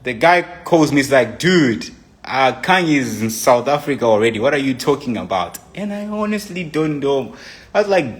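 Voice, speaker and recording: A man's voice: medium pitch, lively intonation, moderate pace. A young man speaking into his phone on a live stream, telling an emotional personal account in a rambling way, restarting and re-enacting his own texts. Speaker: livestreamer.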